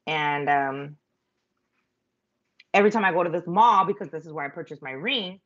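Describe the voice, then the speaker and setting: A woman's voice: sits low, moderate pace, fairly bright tone, muffled recording. A middle-aged woman rambling through a story on a live stream, chatty and self-mocking, with lots of fillers. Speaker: vlogger telling a story.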